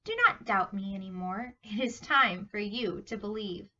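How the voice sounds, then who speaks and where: Woman reading as a gentle, solemn storybook Jesus. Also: medium pitch, normal speed, highs cut off. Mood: commanding.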